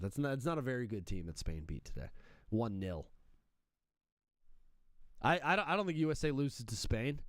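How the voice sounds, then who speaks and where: A young man hosts a live sports stream in a casual chat, his fairly high, smooth voice captured in a dry recording. His banter is brash, joking, and fired-up with patriotism.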